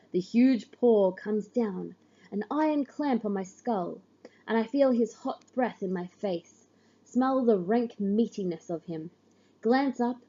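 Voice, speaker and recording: A woman reading a literary story aloud in the first person, measured and grave, on a dull lo-fi recording. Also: mid-range voice, mellow, slightly rough. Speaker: audiobook reader.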